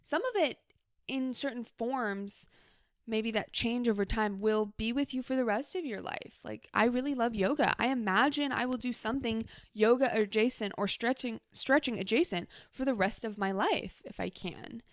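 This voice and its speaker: A woman's voice: fairly high pitch, moderate pace, dry recording, studio quality. A young adult woman hosting a solo advice podcast, talking casually and reassuringly with a lot of "like" fillers. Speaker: podcast host.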